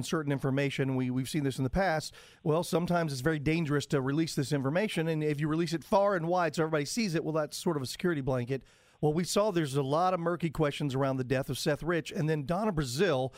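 A man's voice: a little high, no echo. A man co-hosting in a radio studio, putting a long, pointed question to a guest. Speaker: radio co-host. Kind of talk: talk radio discussion.

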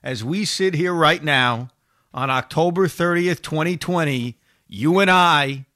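Excitable New sports-radio host, high and bright, ramps up fast. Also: male voice, no room sound, clean studio sound. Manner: excitable, building to near-shouting enthusiasm.

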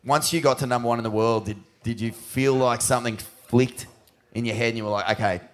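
Relaxed man asking long questions. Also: mid-range voice, a little fast. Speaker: host. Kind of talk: casual interview questions.

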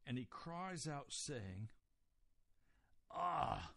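A male preacher delivering a sermon at an unhurried pace, breaking phrases apart to stress key words. His voice sits at an ordinary middle pitch. The sound is dry and close, with no room echo. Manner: deliberate expository preaching, pausing on key words.

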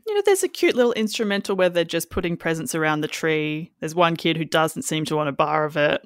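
A woman's voice: sits low, animated, brisk, dry recording, studio quality. A woman hosting a podcast, chatting casually and acting out quotes as she talks. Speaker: podcast host. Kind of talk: casual chat.

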